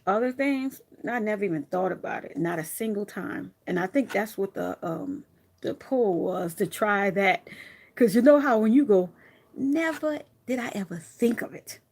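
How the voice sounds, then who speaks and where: A woman crafter chatting casually to her viewers, telling stories in a lively, animated way with frequent laughs and asides. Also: medium pitch, normal speed. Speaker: craft vlogger.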